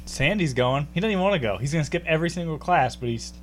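A man's voice: a little high, animated, quick pace, a little hiss or hum. A man co-hosting a casual chat, dropping wry asides.

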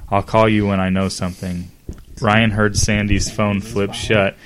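There's slight background noise as a man with a fairly low, fairly flat voice reads fan fiction for his comedy podcast, going a little slowly. He hams up the dialogue, stops to laugh, and adds asides.

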